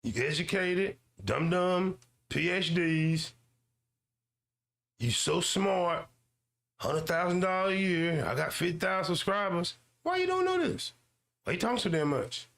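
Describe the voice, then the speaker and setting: A man hosting his own show, ranting and swearing in slang, repeating himself and mocking others in high-pitched voices. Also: unhurried, creaky. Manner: loud swearing rant with slang and repetition. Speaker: YouTube show host. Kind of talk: ranting commentary monologue.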